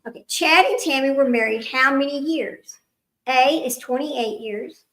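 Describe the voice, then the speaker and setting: This is a middle-aged woman hosting a casual livestream trivia game. Her voice sits high, and she rambles from one aside to the next. She laughs often and talks to her audience as old friends. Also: measured pace, sharp tone, poor audio.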